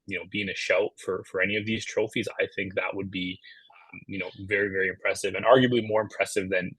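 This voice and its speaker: Fast-talking, husky-voiced male guest. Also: on the low side, fairly bright tone, no echo, low-quality recording. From Canada. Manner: fast, heavy on fillers like "you know". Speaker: podcast guest. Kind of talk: casual podcast chat.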